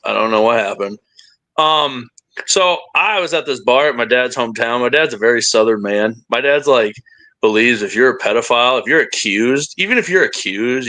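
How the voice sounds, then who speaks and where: A man's voice: medium pitch, moderate pace, bright, forceful tone. A man co-hosting a casual podcast, telling a rambling, profane story with bursts of laughter. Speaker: podcast co-host.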